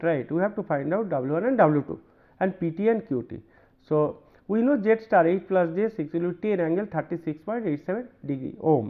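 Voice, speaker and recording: A man with an Indian English accent and a high voice works through examples in a university lecture, checking "right?" often and pausing and repeating a lot. His audio has a narrow, phone-like quality.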